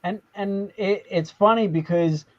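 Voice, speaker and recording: A man hosting a casual live-stream chat, rambling and excitable with many restarts. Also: high voice, a little slow. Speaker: host. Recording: lo-fi, dull sound.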